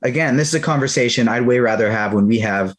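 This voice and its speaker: A man's voice: medium pitch, fast. Chatty Canadian man reviewing a show. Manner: animated, chatty, lots of "like". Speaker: podcast co-host. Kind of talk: casual pop-culture review chat.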